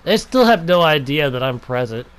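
Young male gameplay commentator, slightly high voice, playful taunts, theatrical outbursts. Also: lively intonation, a little hiss or hum. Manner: playful, taunting enemies, drawn-out mock-dramatic shouts.

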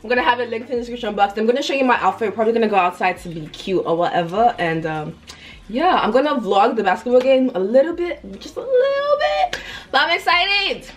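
A woman's voice: a little high, quick pace. A young woman chatting casually through her makeup routine at home, giggly and laughing often. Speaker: beauty vlogger. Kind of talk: casual makeup vlog chat. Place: indoors at home. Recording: steady background hiss.

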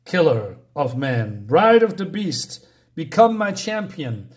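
Ominous creature voice, slow and solemn, read aloud by a man. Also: fairly high pitch, very animated. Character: ominous unseen creature, commanding.

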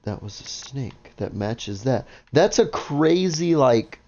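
A man narrates his own gameplay in loose, excitable commentary, cursing freely and calling out to his viewers. His voice sits at an ordinary middle pitch. The recording sounds a little dull and lo-fi. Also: takes it slowly, vocal fry. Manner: excitable, swears often, talks to viewers. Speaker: gaming video host. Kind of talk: casual let's-play commentary.

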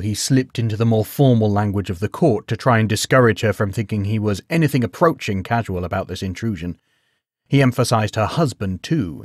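A man narrating a bedtime story in a measured, unhurried way. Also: on the low side, darkish tone, no room sound, clean studio sound.

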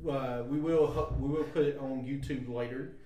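A man co-hosting a wrestling talk show in a studio, upbeat and excitable in casual chat. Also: medium pitch, moderate pace. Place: broadcasting school studio. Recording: echoey room, distant mic.

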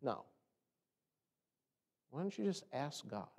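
An American man preaching a sermon as pastor, animated and often mimicking the complaining voices of others. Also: medium pitch, slow pace, creaky. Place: church sanctuary. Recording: long church reverb.

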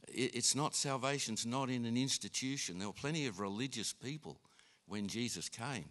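A man preaching a sermon in an unhurried way, with frequent restarts and fillers. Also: medium pitch, a bit bright. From Australia. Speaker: pastor.

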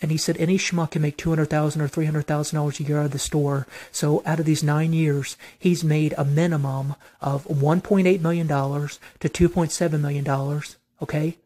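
A vlogger rants straight to camera in a venting monologue, heated and profane. The speech circles back over the same complaints again and again. It sounds aggrieved and insistent, pitched in a middling range. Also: little pitch movement, fairly quick, few pauses, mellow.

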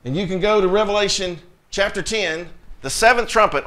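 A man's voice: high voice, brisk, bright, forceful tone. A man preaching a sermon as pastor, reading scripture aloud and talking directly to his congregation with emphatic conviction. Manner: reads scripture aloud in King James wording.

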